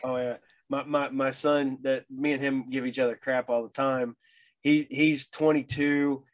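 A middle-aged man speaking as a guest in a casual chat, halting and repeating words with a wry edge. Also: medium pitch, level tone.

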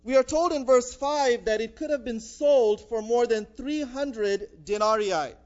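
A man's voice: very high voice, measured pace, darkish tone, dull audio. A man preaching a sermon in a conversational way, with frequent "uh" fillers. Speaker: pastor.

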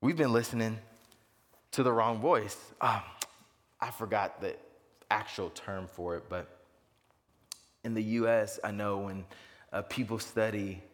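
A man preaching a sermon as pastor, animated and leaping to high excited pitch for emphasis. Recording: long reverb of a large hall.

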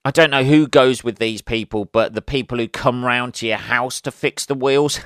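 A podcast host rants on his own, exasperated and swearing freely. His mid-pitched voice is smooth and resonant. It sits close to the mic with a dry sound and no room echo. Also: normal speed, fairly bright tone. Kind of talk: casual solo podcast rant.

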